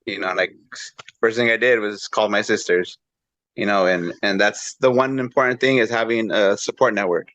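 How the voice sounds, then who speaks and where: A man recently out of prison, talking haltingly and emotionally about his family in a support group. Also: lowish voice, fairly even intonation, fairly bright tone, no room sound. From East Los Angeles. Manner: halting, tearful, with fillers. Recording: dull lo-fi audio.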